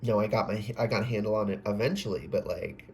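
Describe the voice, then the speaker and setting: A man's voice: fairly low pitch, fast talker, vocal fry, a little hiss or hum. A man giving a casual, rambling tarot reading, often breaking off mid-sentence, swearing and exclaiming. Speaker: tarot reader.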